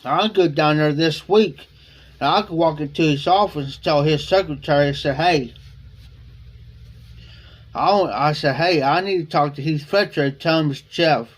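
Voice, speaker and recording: A man hosting a live stream tells a personal story, rambling, repeating himself often, and quoting what others said. His voice is a little high, at a normal speed. It's casual storytelling.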